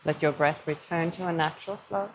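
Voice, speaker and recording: Woman yoga teacher, slow gentle guidance, slightly low voice, faint background noise. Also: steady tone, low-quality recording. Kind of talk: guided yoga instruction.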